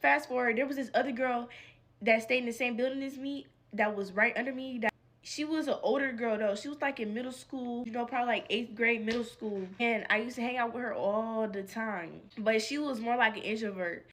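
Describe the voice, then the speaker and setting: Young woman vlogger, slightly high voice, swears a lot, acts out each quote, casual storytime. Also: a little fast. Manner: animated, profane, slangy, acts out quotes.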